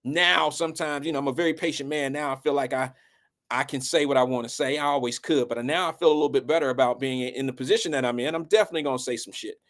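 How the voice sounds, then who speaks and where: A man's voice: mid-range voice, fast, a bit bright. A man hosting a live show, giving blunt and preachy casual commentary.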